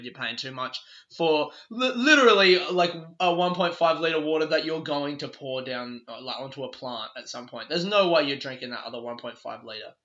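A man hosting a casual solo podcast, telling a rambling, sweary story with quick laughs from a bedroom. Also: on the high side, pushed and bright. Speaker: podcast host. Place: a bedroom in a borrowed house. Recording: echoey room, dull lo-fi sound.

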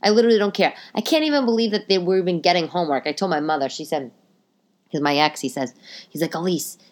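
A woman's voice: fairly low pitch, fast talker, darkish tone. A woman in her thirties hosting a casual solo podcast from home, venting in an exasperated, swearing rant. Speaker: podcast host. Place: home living room.

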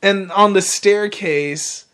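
A man's voice: sits high, takes it slowly, bright, forceful tone, smooth. A man co-hosting a casual podcast chat about a movie, rambling with lots of fillers and the odd swear word.

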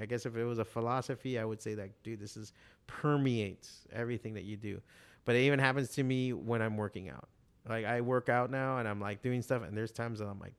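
A man with a smooth, resonant voice at medium pitch, chatting casually. He tells lively stories full of swearing and slips into other people's voices when he quotes them. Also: fairly quick. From Miami, USA. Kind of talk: casual chat.

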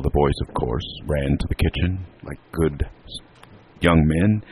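A man telling a homely family story in an unhurried, drawn-out way. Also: extremely low pitch, a little hiss or hum, low-quality recording. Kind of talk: storytelling narration.

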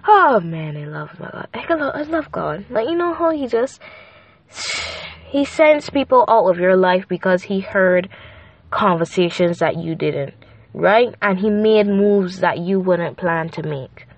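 A woman's voice: mid-range voice, animated, measured pace, no room sound. Chatty woman on a lo-fi phone mic. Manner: chatty, rambling, with frequent fillers and playful asides. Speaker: podcast host. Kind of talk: casual faith-based monologue.

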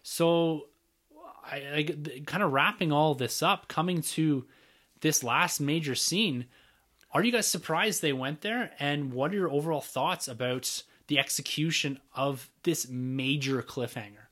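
A man's voice: a little high, a little slow, a bit bright. Man hosting a podcast film review. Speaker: podcast host. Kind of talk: casual film review chat.

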